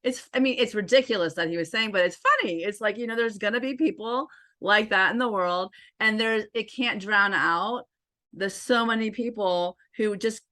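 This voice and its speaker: A middle-aged woman, a guest in a casual interview, chatting in an animated way and laughing often. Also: medium pitch, moderate pace, no room sound, studio quality.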